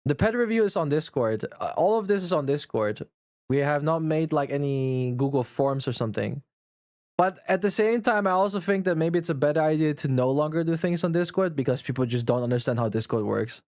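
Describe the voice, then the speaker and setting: A man's voice: a little high, expressive, a little fast, a little mellow, no echo, studio quality. A man streaming live, ranting and complaining with lots of swearing and frequent laughs at himself. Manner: profane, ranting, exasperated complaining; laughs often at his own rant. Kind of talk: casual livestream chat.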